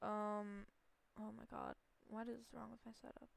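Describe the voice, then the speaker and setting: A woman's voice: medium pitch, level tone, measured pace, vocal fry. A woman streamer giving chatty, giggly let's play commentary while playing. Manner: giggly, chatty, self-deprecating.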